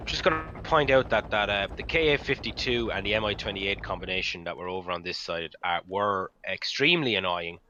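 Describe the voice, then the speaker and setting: A man's voice: low voice, a little fast, few pauses, sharp tone, dull audio, slight background noise. A man hosting a casual game replay commentary, rambling with many ums and restarts. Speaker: gaming channel host.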